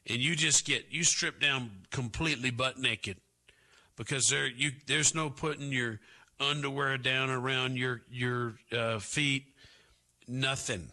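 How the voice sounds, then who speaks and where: A man hosting a talk radio show, delivering sarcastic commentary with drawn-out asides. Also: medium pitch, fairly even intonation, pushed and bright.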